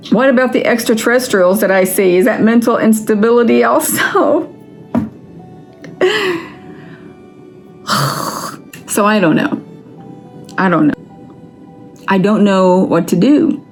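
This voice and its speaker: Slow-talking, exasperated woman venting. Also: mid-range voice. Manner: angry, frustrated venting with frequent swearing. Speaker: vlogger. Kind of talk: casual vlog rant.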